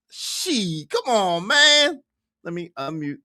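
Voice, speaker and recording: Excitable man hosting a reaction livestream. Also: high-pitched, slow pace, no echo, clean studio sound. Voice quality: excitable, laughing, repeats phrases. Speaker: livestream host.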